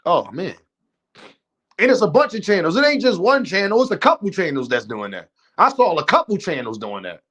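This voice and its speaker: A man with a high voice hosts a live stream in unscripted rant mode. He talks bluntly and profanely, addressing his chat directly and heatedly. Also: big pitch swings, brisk, fairly bright tone. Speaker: livestream host.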